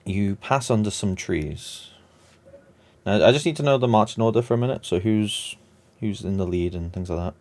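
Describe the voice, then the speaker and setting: A man running a tabletop game as dungeon master, narrating slowly with many pauses and fillers. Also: on the low side, a little mellow. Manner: slow, halting narration with many ums, laughs often.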